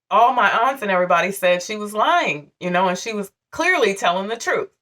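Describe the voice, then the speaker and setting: A woman's voice: medium pitch, a bit bright, far from the mic. Woman in her forties telling a personal story. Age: 40s. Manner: candid, emotional, conversational. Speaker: vlogger.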